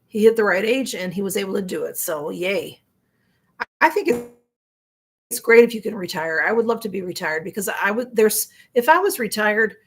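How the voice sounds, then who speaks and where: A middle-aged woman with a Chicago accent hosts a live stream in a casual, rambling chat, reading out viewer comments, her voice going a little hoarse. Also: medium pitch. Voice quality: rambling, chatty, with frequent fillers and restarts. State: voice getting hoarse.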